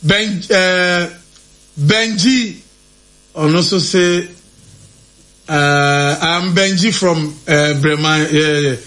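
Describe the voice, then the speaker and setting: Male radio host, high voice, casual chat, reads out listener comments and laughs a lot. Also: very slow, long pauses, a bit bright. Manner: reads out names and quotes, laughing often.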